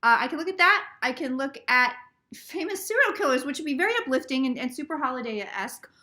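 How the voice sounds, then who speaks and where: Bright, high-voiced, swearing psychic host. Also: female voice, fast talker. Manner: animated, profane storyteller who laughs often; acts out other people's lines in the stories she tells. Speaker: psychic tarot reader hosting a live stream. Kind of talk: casual live-stream chat.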